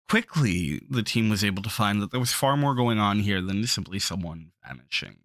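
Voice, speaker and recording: A man running a tabletop horror game as game master, recapping the story in a slow, storytelling manner. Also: low-pitched, fairly bright tone, no room sound.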